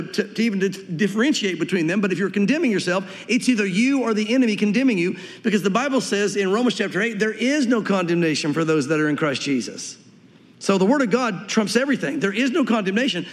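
A man with a light Southern US accent preaches in a high, bright voice, talking fast and acting out the voices he quotes. His words ring out with a long echo, as if spoken in a large church hall. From Tennessee, US. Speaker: pastor. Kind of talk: sermon.

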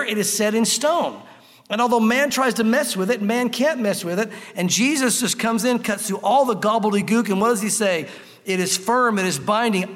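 A man's voice: high-pitched, fairly bright tone, long reverb tail. A man preaching a sermon in a conversational, emphatic style, repeating key phrases for effect. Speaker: pastor.

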